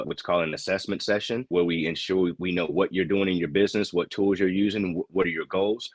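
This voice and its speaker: A man's voice: low-pitched, no echo. A man with a Southern Californian accent, an agency owner talking business in an interview, emphatic and speaking straight to the viewers. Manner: emphatic, addresses viewers directly. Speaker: virtual assistant agency owner.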